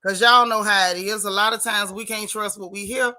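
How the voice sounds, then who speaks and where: Woman streamer, bright voice, chatty and down-home, shouting out viewers. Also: medium pitch, fairly quick. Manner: lively, Southern-tinged casual talk with chat shout-outs. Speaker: livestream host. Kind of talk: casual livestream chat greeting viewers.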